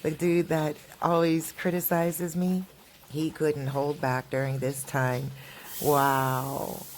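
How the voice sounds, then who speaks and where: A woman's voice: sits low, flat delivery, slow pace, a little mellow, a little hiss or hum, poor audio. A woman from Canada chatting casually in a street vlog, rambling with lots of fillers and restarts. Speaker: vlogger. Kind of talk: casual walking vlog chat. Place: outdoors on a street.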